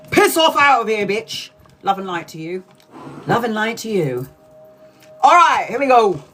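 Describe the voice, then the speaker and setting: A woman's voice: medium pitch, very animated, takes it slowly, pauses often, music in the background. A British woman giving a live-stream tarot reading, chatty, laughing often and swearing freely. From Britain. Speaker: tarot reader.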